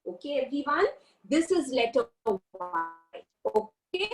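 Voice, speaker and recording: A woman's voice: on the high side, rough recording. A woman teaching a lesson to young children, drawing out sounds in a sing-song, coaxing way. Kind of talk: online kindergarten lesson.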